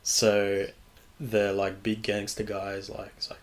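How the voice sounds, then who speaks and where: A man's voice: on the low side, completely flat delivery, measured pace. A young man hosting a podcast, chatting casually, rambling loosely and swearing freely. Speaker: podcast host. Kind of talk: casual chat.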